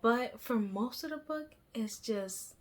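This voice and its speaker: A woman's voice: a little high, lively intonation, slow. A young woman chatting casually about books she has read, rambling with lots of fillers, restarts and little stutters. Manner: rambling, filler-heavy, self-deprecating, stuttering. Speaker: book vlogger. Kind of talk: casual book review chat.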